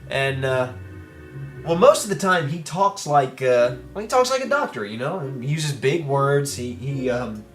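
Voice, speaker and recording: A man's voice: mid-range voice, lively intonation, unhurried, faint music behind. A man giving casual, rambling let's-play commentary with playful asides while reading game dialogue.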